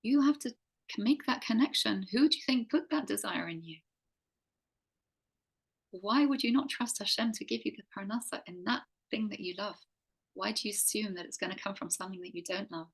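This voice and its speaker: A woman's voice: mid-range voice, a little fast, creaky, husky, low-quality recording. A woman teaching a faith class to a group, earnest and asking many rhetorical questions. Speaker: teacher and coach.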